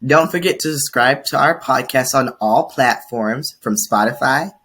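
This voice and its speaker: A man co-hosting a podcast, with a bright, forward tone and a husky edge. He reads a quote out in a calm, even way. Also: mid-range voice, measured pace. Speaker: podcast co-host. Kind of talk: casual podcast chat.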